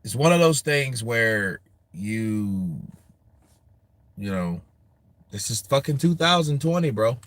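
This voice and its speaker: American man, boxing-show host, crude and laughing, flat dry sound, no room at all. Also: mid-range voice, slow pace, long pauses, no echo. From United States. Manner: laughing often, loose and crude, talks to the chat. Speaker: boxing show host reading viewer comments. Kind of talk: casual profane chat.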